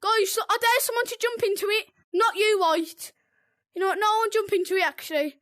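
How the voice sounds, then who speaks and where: A British gaming video host with an excitable, teasing manner, yelping and giggling while commenting on a game. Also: very high-pitched, brisk, no room sound, clean studio sound. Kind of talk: excitable let's-play commentary.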